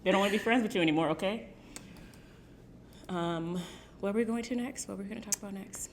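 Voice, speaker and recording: A woman's voice: mid-range voice, quick pace, a little hiss or hum. A woman co-hosting a podcast in a loose, chatty way, with plenty of "like" fillers between her thoughts. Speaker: podcast co-host. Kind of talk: casual chat.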